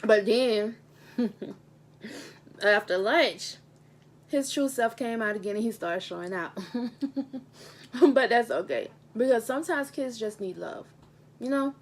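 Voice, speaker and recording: A woman's voice: fairly high pitch, takes it slowly, pauses often. A young adult woman, a teacher, talking in a casual vlog at a table at home, earnest and heartfelt, repeating her points for emphasis, recorded on a camera mic. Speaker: teacher and vlogger. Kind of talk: casual mukbang vlog talk. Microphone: handheld camera mic.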